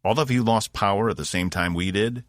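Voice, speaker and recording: A man's voice: on the low side, brisk, no echo, clean studio sound, pitched above the performer's own voice, lightly acted. Man voicing a wry, injured male commander. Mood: reassuring. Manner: wry, grumbling, encouraging. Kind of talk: audiobook character voice.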